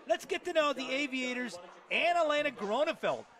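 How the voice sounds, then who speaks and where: A man's voice: sing-song, moderate pace. A man doing tennis broadcast commentary from an outdoor venue, upbeat and promotional, calling out scores and standings. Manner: upbeat, promotional, shouts out highlights. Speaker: play-by-play commentator.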